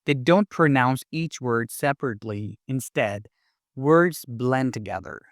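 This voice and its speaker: Man, English teacher, slow clear speech, mid pitch, dry recording. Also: lively intonation, no echo. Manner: clear, deliberate, instructive delivery. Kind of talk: scripted lesson narration.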